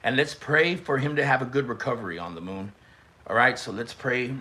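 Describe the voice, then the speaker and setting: A young man hosting a live stream, teasing and reacting in a loose, excitable way. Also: mid-range voice, a little fast, husky. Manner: excitable, teasing, shouts and stretches words at big moments. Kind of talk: casual live-stream commentary.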